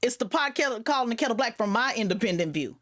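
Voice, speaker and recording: A woman guest on a panel discussion, speaking bluntly and emphatically and mocking others in quick impressions. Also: a little high, animated, fairly bright tone.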